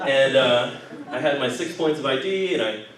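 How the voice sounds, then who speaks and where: Animated man telling a funny story. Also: medium pitch, moderate pace. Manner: animated, laughing, acts out others' lines. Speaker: speaker at a humanist group meeting. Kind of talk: casual storytelling to a live group. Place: meeting room. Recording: echoey room, mic far off, noisy.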